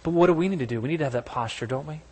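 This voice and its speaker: A man's voice: on the high side, rapid-fire, a little mellow, slightly rough, long reverb tail. A man preaching a sermon in an earnest, conversational way, asking his listeners questions as he goes. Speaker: pastor.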